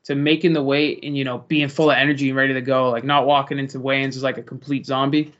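A man's voice: medium pitch, level tone, fast, fairly bright tone. A young man, a pro fighter, casually answering interview questions in a rambling, easygoing way. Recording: lo-fi muffled audio.

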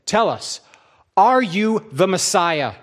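A man's voice: fairly high pitch, animated, moderate pace, pitched above the performer's own voice, close to an everyday voice. A man voicing an angry council of elders, insistent and accusing, with a raised, pushed voice.

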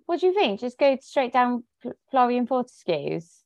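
A woman's voice: a little high, big pitch swings, normal speed. A British woman co-hosting a podcast, chatting with playful, jokey banter. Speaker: podcast co-host. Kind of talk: casual chat.

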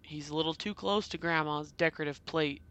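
A bright, smooth voice recaps a movie with a co-host on a podcast. The remarks are dry and wry, and this co-host laughs along easily. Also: medium pitch, fairly quick, highs cut off. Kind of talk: casual movie recap chat.

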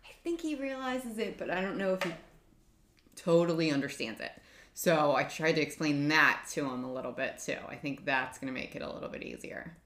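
A woman's voice: deep voice, brisk, a bit bright, roomy sound, a little hiss or hum. A woman in her thirties co-hosting a podcast, chatting casually and telling a long story full of "like" fillers. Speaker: podcast co-host. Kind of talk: casual chat.

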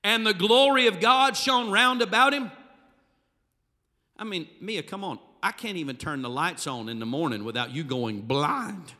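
A pastor delivers his sermon with animated, dramatic storytelling, his high voice carrying a bright, forceful edge. His words ring through a large church hall with a long, trailing reverb. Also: moderate pace.

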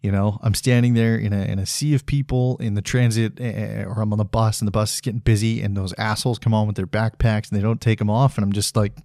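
This man in his thirties hosts a solo podcast in a low, mellow, soft-edged voice that's level, creaky, and fast with few pauses. He swears often and restarts his sentences in blunt frustration, and the recording is dry and close with no surrounding room.

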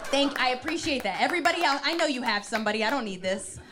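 Woman comic in her thirties, animated stand-up delivery, slightly high voice. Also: noisy background. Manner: animated, jumps into quoted voices, quick asides. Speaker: stand-up comedian. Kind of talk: stand-up comedy set. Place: comedy club stage with audience laughter.

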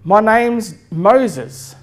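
A man putting on a talking parrot whose voice rises well above his own. The bird speaks slowly and emphatically, stretching its words. It sounds preachy. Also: high-pitched, animated, voice pushed up, full character voice. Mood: solemn.

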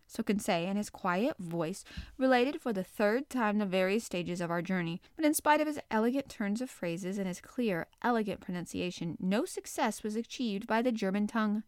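A woman narrating a classic adventure novel in a clear, measured reading voice. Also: medium pitch, expressive, no echo, clean studio sound. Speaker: audiobook narrator. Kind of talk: scripted narration.

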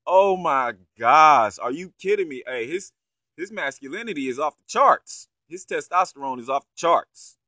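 A man's voice: on the high side, lively intonation, moderate pace, pushed and bright, dry recording. A man giving casual, profane reaction commentary on a clip, incredulous and heavy on slang. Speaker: online commentator.

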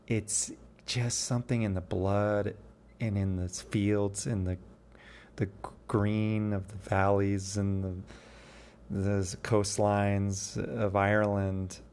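A man's voice: lowish voice, level tone, takes it slowly, a little mellow, slight background noise. A man in his fifties hosting a poetry show, talking in a casual, rambling way and often correcting himself mid-sentence. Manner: rambling, with frequent self-corrections and restarts. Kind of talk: casual solo monologue.

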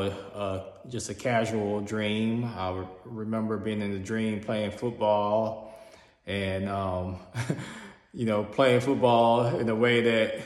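Slow, halting man in a roomy hall. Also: lowish voice. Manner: earnest, halting, many restarts. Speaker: storyteller sharing a personal experience. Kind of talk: casual personal storytelling.

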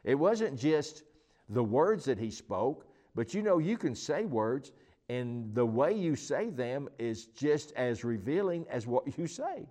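A man's voice: medium pitch, big pitch swings, slow pace, mellow. Rambling, emphatic man teaching the Bible. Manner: rambling, emphatic, many restarts and fillers. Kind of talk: informal Bible teaching chat.

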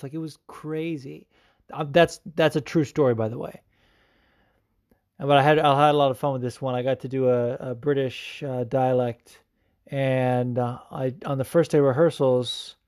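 A man's voice: mid-range voice, no room sound, studio quality. Casual swearing podcast host, a man. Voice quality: swears often, rambling and joking. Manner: loose, self-mocking, animated. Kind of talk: casual solo podcast talk about MMA.

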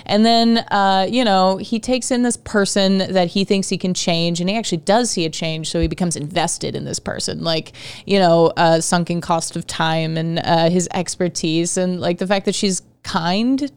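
A woman talking loosely and excitedly about a story, trailing off into fillers and tossing in swear words. Her voice is smooth and resonant, recorded close and dry with no room sound. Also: on the low side, moderate pace, few pauses, no room sound. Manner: rambling, lots of fillers, swears casually. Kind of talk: casual chat about a play.

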